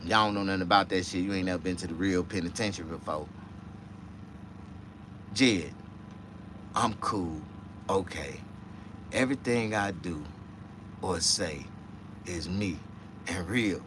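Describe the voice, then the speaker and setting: A man hosting a casual livestream chat, rambling and profane, dropping to low mutters and jumping to high excited outbursts. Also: unhurried, long pauses, a little hiss or hum. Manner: profane, rambling street talk. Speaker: livestream host.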